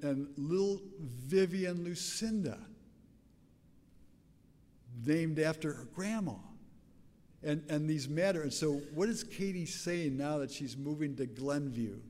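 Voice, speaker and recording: A raspy-voiced older man delivers a sermon in a loose, conversational storytelling manner, often restarting his phrases. His voice sits a little high for a man. The recording carries the long reverb of a church sanctuary. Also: warm tone. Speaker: pastor.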